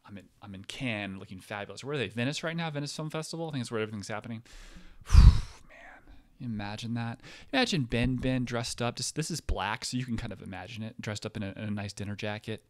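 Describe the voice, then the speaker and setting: Sitting in a chair indoors, a vlogger rants casually at his viewers in a fairly low, fast, somewhat dark voice. He swears a lot, rambles, and keeps cutting himself off.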